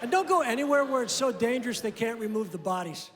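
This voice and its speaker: A man doing a stand-up comedy set on stage, with dry, deadpan delivery and acted-out dialogue. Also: very high voice, quick pace. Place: comedy venue stage before a live audience. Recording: roomy hall reverb, audible crowd laughter. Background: audience laughing.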